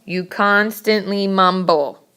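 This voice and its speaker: A woman teacher giving a classroom lecture on public speaking, brisk and direct, with scolding asides to her students. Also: mid-range voice, pushed and bright, slight background noise.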